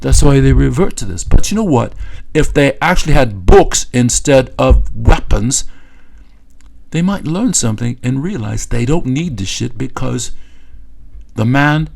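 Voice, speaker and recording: Mocking man with a gravelly voice. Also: medium pitch, animated, a little slow, darkish tone, rough recording. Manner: mocking, scornful, hesitant with many fillers. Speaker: commentator. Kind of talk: satirical political commentary.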